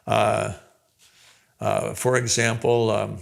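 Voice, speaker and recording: A man's voice: mid-range voice, measured pace, vocal fry, a bit bright. An older man giving a conversational lesson on communication as a coach, acting out short quoted lines as he teaches. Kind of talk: teaching talk to a group.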